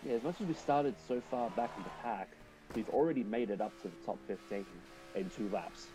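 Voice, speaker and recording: A man's voice: lowish voice, expressive, brisk, over music, poor audio. A man streaming a racing game, chatting casually and thinking aloud while he drives and answers his viewers.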